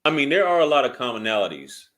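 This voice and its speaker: A man's voice: medium pitch, very animated, fast talker, fairly bright tone. A man speaking bluntly and profanely in a casual commentary vlog, rambling with frequent restarts. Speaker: YouTube commentator.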